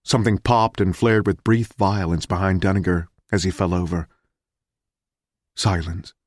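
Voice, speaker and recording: A man reading a thriller audiobook in a measured, grim narration. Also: sits low, no room sound, studio quality.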